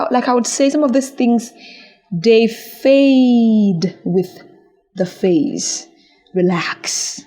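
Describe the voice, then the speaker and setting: Earnest young woman podcast host. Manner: earnest, encouraging, animated pitch swings. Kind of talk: casual monologue.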